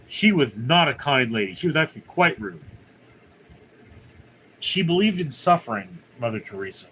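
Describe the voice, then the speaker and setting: A man's voice: medium pitch, fairly bright tone, a little hiss or hum, rough recording. Chatty man hosting a livestream. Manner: conversational, rambling, reads comments aloud then answers. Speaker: livestream host. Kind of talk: casual live chat reading viewer comments.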